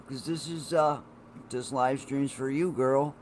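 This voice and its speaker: A man's voice: mid-range voice, steady tone, unhurried, slight background noise. A man in his forties chatting on a live stream, rambling and swearing while he talks to his viewers. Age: 40s. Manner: rambling and profane, talking to chat viewers. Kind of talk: casual live-stream chat.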